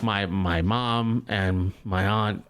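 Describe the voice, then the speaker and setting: A man's voice: lowish voice, fairly even intonation, takes it slowly, heavy background noise. A young man casually telling a rambling, profane story in a chat with friends.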